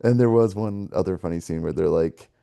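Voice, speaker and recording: Gravelly low-voiced man, rambling chat. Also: fairly quick, dark tone, no room sound, studio quality. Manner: rambling, laughs often between thoughts. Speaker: podcast co-host. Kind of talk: casual movie review chat.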